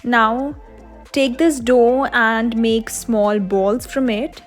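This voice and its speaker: A woman's voice: on the high side, fairly even intonation, extremely slow, soft background music. A young woman, host of a cooking channel, explaining a recipe step by step in a voice-over.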